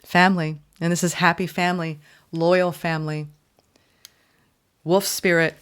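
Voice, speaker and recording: Expressive woman giving a tarot reading. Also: lowish voice, unhurried, smooth. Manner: expressive, emphatic, swings between loud exclamations and soft murmurs; often says "right?" and "like". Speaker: tarot reader. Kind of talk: casual spoken tarot reading.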